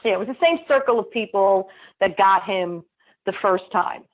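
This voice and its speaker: Blunt, animated woman on a tinny line. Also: mid-range voice, moderate pace. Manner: lively, blunt, laughs often, acts out dialogue. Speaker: state senator interviewee. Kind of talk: animated storytelling interview.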